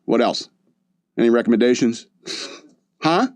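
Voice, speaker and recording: A man's voice: medium pitch, animated, measured pace, a little mellow, dry recording. A man hosting a podcast, chatting loosely about a movie with lots of fillers and restarts. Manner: rambling, loose delivery with many fillers and restarts. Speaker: podcast host. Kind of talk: casual movie review chat.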